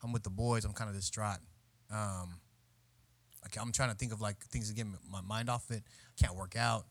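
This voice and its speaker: A man's voice: fairly low pitch, fairly even intonation, fairly quick, no room sound. A man hosting a podcast at a bar, talking in a loose, rambling way and acting out quotes in voices. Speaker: podcast host. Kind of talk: casual chat.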